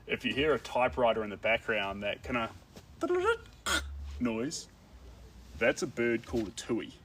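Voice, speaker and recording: A man's voice: medium pitch, moderate pace, fairly bright tone, recorded from a distance, a little hiss or hum. A man with a New Zealand accent chatting casually to viewers on a live stream from outdoors in a gorge. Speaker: art streamer.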